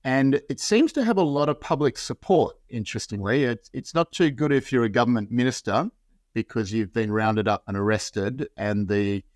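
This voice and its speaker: A man being interviewed, giving a measured analysis built from long, carefully qualified sentences. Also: mid-range voice, darkish tone, no echo. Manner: measured, builds points in long qualified clauses. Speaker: interview guest.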